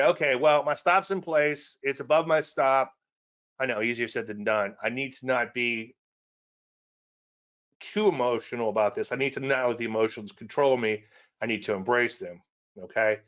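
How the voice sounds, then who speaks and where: A man's voice: medium pitch, fairly bright tone, muffled recording. A man hosting a market show, teaching casually in a rambling, conversational way with self-deprecating asides and repeated points. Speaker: trading educator and show host.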